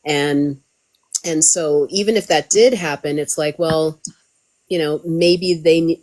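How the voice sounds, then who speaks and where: A woman tarot reader hosting a casual spiritual chat, upbeat and animated, her voice jumping high when she gets excited.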